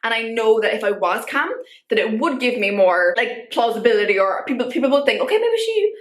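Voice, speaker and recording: A woman's voice: fairly high pitch, brisk, echoey room. A woman talking casually to camera in a vlog, chatty and full of filler words, getting fired up as she goes. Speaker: vlogger. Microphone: camera mic.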